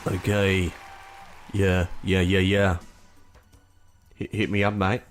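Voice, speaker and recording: An Australian man hosting a podcast in loose, joking chat, swearing freely and sometimes rushing into quick, rambling bursts. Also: low-pitched, level tone, faint music behind. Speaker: podcast host. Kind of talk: casual chat.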